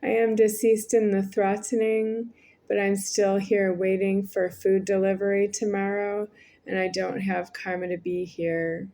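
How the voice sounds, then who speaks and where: A woman's voice: mid-range voice, level tone, unhurried, warm tone. A woman in her forties speaking in a rambling, repetitive monologue to the camera, with frequent hesitations. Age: 40s. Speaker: vlogger.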